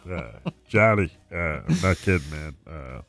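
A man's voice: rumbling low, lively intonation, unhurried, a bit bright. A laid-back man in a casual chat who talks with hesitant fillers.

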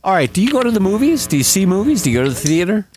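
Wisecracking man host, wildly animated voice. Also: high-pitched, rapid-fire, soft background music. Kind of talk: casual chat.

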